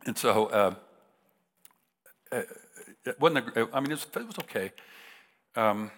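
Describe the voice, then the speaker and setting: A middle-aged preacher from the United States, visiting for a sermon, casually tells a humorous story and restarts many times. His mid-range voice is expressive and a bit bright at a measured pace, with reverberant hall acoustics.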